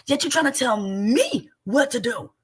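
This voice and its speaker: A woman co-hosting a livestream panel, talking in a loud, confrontational way with big pitch swings. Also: big pitch swings, unhurried, slightly rough. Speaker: co-host. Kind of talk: heated livestream commentary.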